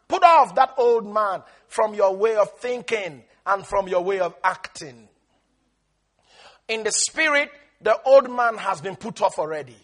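Brief: emphatic male preacher, very high and bright, lively call-and-response delivery. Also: measured pace. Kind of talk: sermon.

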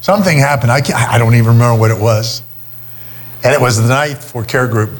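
A man's voice: mid-range voice, brisk. A middle-aged man preaching a sermon, telling a personal story in a conversational way. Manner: storytelling, conversational, many restarts. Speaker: pastor.

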